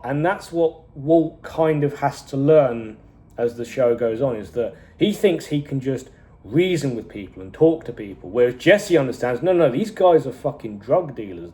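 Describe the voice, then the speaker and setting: A TV show reviewer with a mid-range voice casually reviews a series, retelling scenes with animated energy. He chuckles frequently and swears.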